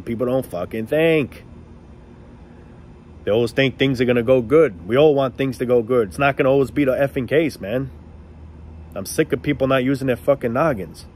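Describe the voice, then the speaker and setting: A man's voice: medium pitch, a little mellow, slight background noise. Blunt, cursing man ranting sarcastically. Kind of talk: casual rant to camera.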